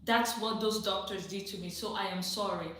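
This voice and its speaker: A woman's voice: mid-range voice, steady tone, normal speed, a bit bright. A chatty woman hosting a live stream, her voice bouncing around a very echoey room. She talks straight to her viewers, laughs easily, and says her advice twice to make it stick. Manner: chatty, direct, laughs often, repeats advice for emphasis. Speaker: livestream host answering viewer questions. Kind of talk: casual live chat, reading and answering comments. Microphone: phone or computer mic on a livestream.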